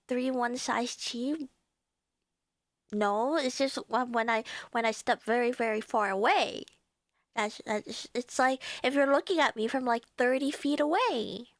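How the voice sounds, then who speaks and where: High-voiced chatty woman streamer. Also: measured pace, no room sound, studio quality. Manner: chatty, laughs often, greets chat by name. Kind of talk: casual chat with live viewers.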